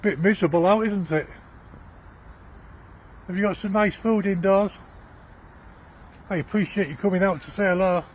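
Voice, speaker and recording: A man's voice: high voice, normal speed, long pauses. A man chatting to birds in an outdoor bird park, coaxing them in a sing-song voice. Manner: coaxing, sing-song baby talk to animals. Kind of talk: casual chat to birds. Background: faint birdsong and outdoor ambience.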